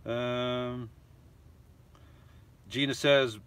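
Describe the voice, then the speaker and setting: A man of middle pitch talks casually to his live-stream audience from inside a camper van. He reads viewer comments aloud and rambles on about each one in a loose, chatty way. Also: animated, slow pace, pauses often, fairly bright tone, no echo.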